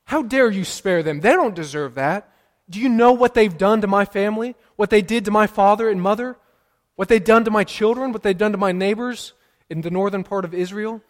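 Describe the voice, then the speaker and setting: A man voicing a bitter, indignant male prophet, shouting accusing questions. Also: high voice, brisk, voice pushed up, lightly acted. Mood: furious. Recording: long hall reverb.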